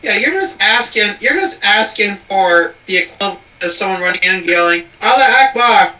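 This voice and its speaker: Guy swearing a lot while reacting to videos, really sharp bright voice, echoey and far from the mic. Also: high-pitched, a little fast. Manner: crude, profane, rambling restarts. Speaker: host. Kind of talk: casual reaction chat. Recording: roomy, from off the mic.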